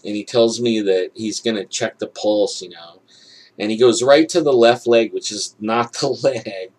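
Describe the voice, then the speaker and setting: A man's voice: fairly low pitch, measured pace, husky. A man telling a personal story in casual speech, acting out what people said, full of "you know" and "like", chuckling now and then. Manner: animated, acts out quoted dialogue; frequent fillers like "you know" and "like". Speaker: storyteller recounting a personal experience.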